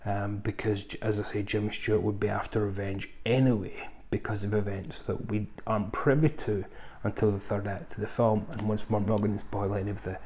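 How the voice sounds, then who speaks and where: A man's voice: fairly low pitch, level tone, brisk, hardly any pauses, a little mellow. A man reviewing films in a casual, rambling way, full of ums and asides. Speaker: film reviewer. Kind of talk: casual film review chat.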